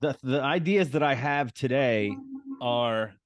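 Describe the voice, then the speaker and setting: A man's voice: mid-range voice, unhurried, dry recording. Man, comedian, casual chat, tells jokes as stories, dry close sound. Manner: storytelling, acts out voices for jokes. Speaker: guest comedian.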